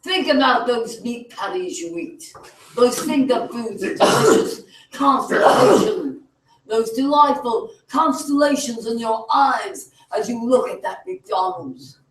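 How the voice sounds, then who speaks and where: A man performing spoken word poetry at an open mic, theatrical, moving from hushed lines to shouting. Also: very high voice, lively intonation, a little slow. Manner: theatrical, swinging from quiet to shouting. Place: cafe venue. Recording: echoey room, mic far off.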